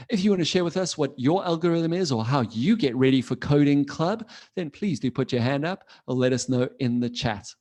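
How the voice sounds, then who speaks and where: A man teaching an online coding class for children from his computer, playful and animated, constantly asking the kids questions. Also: fairly high pitch. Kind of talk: live online children's lesson.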